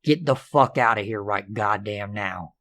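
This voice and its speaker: A hot-tempered, gruff father, as a man voices him, snapping out curses and threats. His voice stays close to the storyteller's own, only a little raised. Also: on the low side, measured pace, pushed and bright. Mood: menacing.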